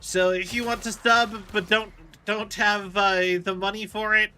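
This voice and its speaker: A man's voice: sits high, flat delivery, unhurried, sharp tone, a little hiss or hum. A man streaming a video game, chatting casually and explaining things at length with lots of fillers. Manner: rambling, explains with many fillers. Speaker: livestreamer.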